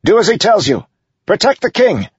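A man voicing a young soldier yelling orders to his men, in an audiobook reading. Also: sits high, big pitch swings, normal speed, breathy edge, dry recording, voice pushed up, full character voice. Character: tense young male soldier and bodyguard captain. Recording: dull lo-fi audiobook recording.

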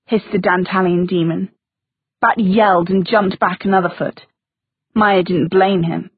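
A woman narrating a fantasy story in steady storytelling style. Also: fairly low pitch, a little slow, breathy edge, dry recording. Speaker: audiobook narrator. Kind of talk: scripted narration. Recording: thin phone-like sound, dry.

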